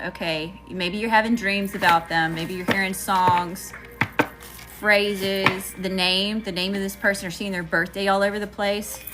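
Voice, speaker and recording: A woman with a Southern accent doing a casual tarot reading, chatty and slangy, talking back to Spirit. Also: mid-range voice. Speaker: tarot reader.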